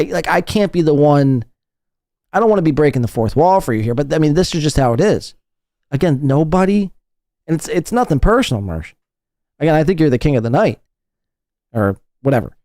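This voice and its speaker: A man's voice: fairly high pitch, sing-song, a little fast, dark tone, dry recording, clean studio sound. A man hosting a podcast, ranting in a heated, mocking, profane way. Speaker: podcast host.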